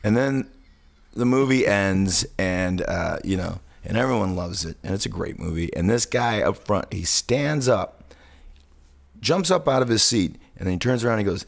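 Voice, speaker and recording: A man's voice: fairly low pitch, moderate pace, creaky. A man on a podcast, telling stories in casual chat and acting out the people he quotes. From Kansas City area. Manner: animated, acts out quotes loudly. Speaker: podcast guest.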